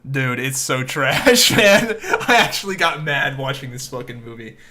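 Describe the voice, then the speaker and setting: A man's voice: mid-range voice, lively intonation, moderate pace, pushed and bright. A young man hosting a podcast, telling a story in casual chat with frequent laughter and swearing. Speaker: podcast host.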